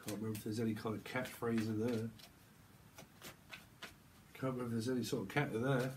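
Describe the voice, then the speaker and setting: A man's voice: mid-range voice, fairly even intonation, fairly quick, a little hiss or hum. A man giving a rambling tarot reading to camera, playing with words and breaking into chuckles and silly voices. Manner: playful, free-associating wordplay. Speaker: tarot reader.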